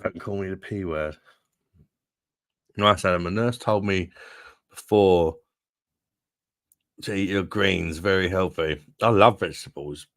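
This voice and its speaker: Very deep-voiced bloke chatting. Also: male voice, unhurried, pauses often, a bit bright, no echo, studio quality. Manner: chatty, swears freely, calls viewers mate. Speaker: livestream host reading chat. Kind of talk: casual live chat.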